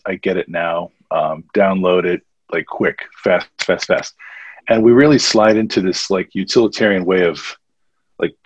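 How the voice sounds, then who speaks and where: Man, husky, low voice, earnest guest chat, dry sound. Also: no room sound. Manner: earnest and faith-centered, speaks in warm repeated phrases. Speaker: podcast guest. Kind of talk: casual conversation.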